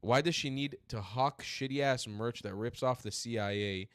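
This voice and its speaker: A man's voice: mid-range voice, moderate pace, clean tone, no echo, clean studio sound. A man hosting a political commentary stream, ranting in furious, profane outbursts. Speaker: streamer host.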